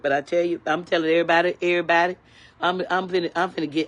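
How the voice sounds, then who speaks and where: A woman's voice: fairly low pitch, little pitch movement, rapid-fire. An older woman ranting angrily in a vlog, repeating herself with indignant, preachy emphasis. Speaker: vlogger. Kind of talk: angry complaint rant.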